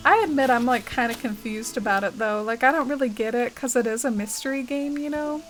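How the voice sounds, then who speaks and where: Speaking fairly quickly at a fairly high pitch, this young adult woman streams a game and chats while she plays. She reads chat aloud and rambles, leaning heavily on "like" and "uh." The audio is poor, with soft music underneath.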